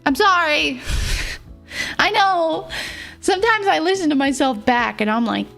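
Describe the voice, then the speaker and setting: Slow-talking giggly young woman streamer. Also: sits high, animated, vocal fry, fairly bright tone. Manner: rambling, giggly, self-deprecating; mumbles a little. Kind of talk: casual livestream chat. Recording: faint music behind.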